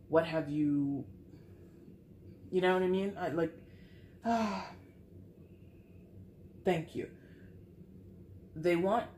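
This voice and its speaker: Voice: medium pitch, a little mellow, slight background noise. A tarot reader giving a casual, frank reading to camera, sighing often and swearing now and then. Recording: echoey room with faint ambience.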